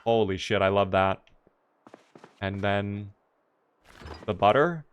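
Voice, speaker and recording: A man's voice: on the low side, slow pace, clean tone. A man casually commenting on his gameplay on a live stream, chatty and playful, joking with his chat.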